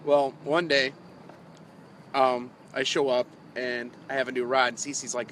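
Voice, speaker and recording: A man's voice: mid-range voice, level tone, measured pace, fairly bright tone, slight background noise. A man on a live fishing stream, rambling through old stories with plenty of chuckles and self-mockery, talking to his chat. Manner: chuckling, meandering, self-mocking. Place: outdoors by the water while fishing.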